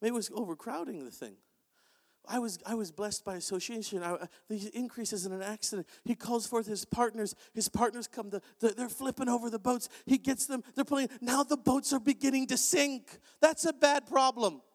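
High-voiced man preaching in a reverberant hall. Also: brisk. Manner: animated and joking, bursts of shouting. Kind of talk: energetic sermon. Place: large church hall.

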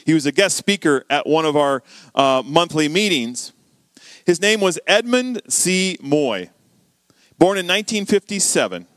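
A man preaching a sermon, telling a story and acting out the dialogue with lively shifts of voice. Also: on the high side, a little slow, no room sound. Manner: animated, acts out quoted dialogue.

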